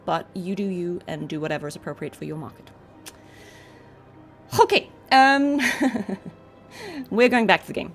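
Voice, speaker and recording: A woman's voice: on the low side, lively intonation, fairly quick, faint music behind. Chatty woman voice actor. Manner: chatty, explaining and demonstrating voices. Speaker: voice actor and gaming streamer. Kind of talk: casual gameplay commentary.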